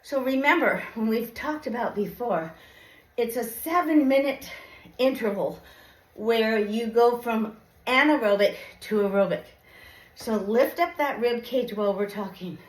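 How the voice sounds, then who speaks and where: A woman's voice: a little high, unhurried. Breathless woman coaching from a bike. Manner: encouraging step-by-step cues. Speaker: fitness instructor. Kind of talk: workout coaching while cycling. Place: home exercise bike. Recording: echoey room.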